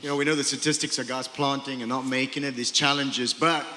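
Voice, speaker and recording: A man's voice: medium pitch, fairly even intonation, a little fast, sharp tone, slight background noise. A man interviewing pastors, stammering and restarting as he asks his questions. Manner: stammering, restarts, affirming amens. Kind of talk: church panel interview. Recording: long hall reverb, faint ambience.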